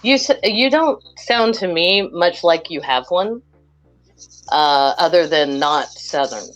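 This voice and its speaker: A woman's voice: lowish voice, slow, muffled recording, faint music behind. A woman from Western Kentucky, a guest chatting casually on a video call and rambling with many restarts.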